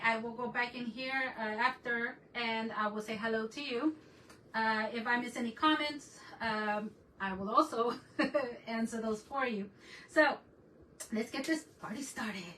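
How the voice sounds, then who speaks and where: A woman hosting a casual crafting livestream from home, chatting excitedly and greeting viewers in a mix of English and Spanish. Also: fairly high pitch, unhurried, distant mic, a little hiss or hum, low-quality recording.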